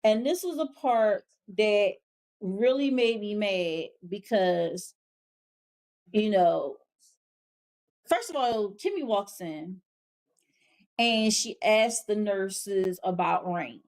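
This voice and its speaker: Slow-talking woman host recapping a show. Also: mid-range voice, lively intonation, a little mellow. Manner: chatty, slangy recapping with frank, exasperated asides. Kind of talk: casual spoken TV show review.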